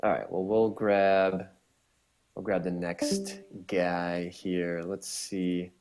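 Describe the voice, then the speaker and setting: Upbeat guy running the voice chat, lowish voice, headset mic. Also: level tone, darkish tone, soft background music. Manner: upbeat, brisk organiser. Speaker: moderator. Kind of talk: casual voice chat.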